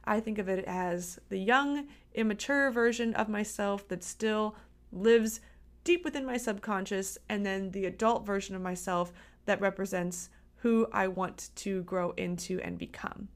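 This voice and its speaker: An upbeat woman hosts her own podcast, chatting directly to listeners like a coach. Her voice sits in a mid pitch, and she sounds friendly and encouraging. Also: unhurried. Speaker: podcast host and dietitian. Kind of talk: solo podcast talk.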